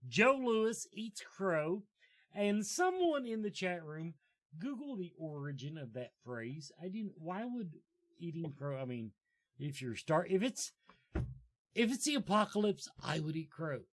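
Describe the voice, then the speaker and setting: A man hosting a casual talk show, joking and rambling in a loose, animated way. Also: high-pitched, measured pace. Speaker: show host. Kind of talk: casual chat.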